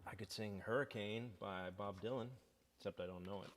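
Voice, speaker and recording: A man's voice: lowish voice, fairly even intonation, a little fast, long reverb tail, a little hiss or hum. A man from the United States hosting a music livestream, telling rambling stories between songs with many fillers. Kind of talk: casual chat between songs.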